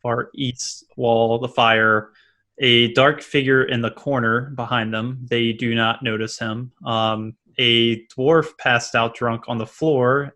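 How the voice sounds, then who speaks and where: A man narrating as dungeon master of a tabletop game, loose and halting, often laughing as he describes scenes. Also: medium pitch, pushed and bright.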